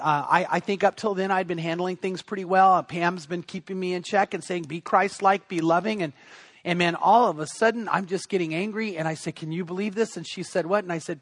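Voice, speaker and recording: A man's voice: sits high, steady tone, a little fast. A man, the pastor, giving a sermon in an earnest, conversational preaching manner.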